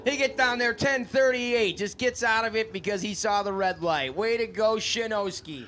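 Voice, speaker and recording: A man's voice: sits high, moderate pace, sharp tone, soft background music. A man co-announcing drag races in a laid-back way, reading out dial-ins and calling his partner "bud.". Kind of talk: drag racing commentary.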